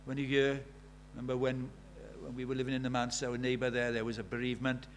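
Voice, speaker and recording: A man's voice: medium pitch, monotone, fast, a little hiss or hum. A man preaching a sermon, emphatic, repeating key phrases and asking the listeners rhetorical questions.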